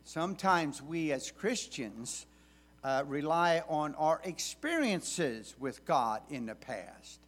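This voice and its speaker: A man preaches a sermon at an unhurried, deliberate pace. His voice sits noticeably high for a man, and he often stalls on short fillers as he thinks. When he reads scripture he lifts it and leans into key words. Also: big pitch swings, a bit bright. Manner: measured, deliberate delivery with hesitant fillers; rises in pitch and force when reading scripture aloud.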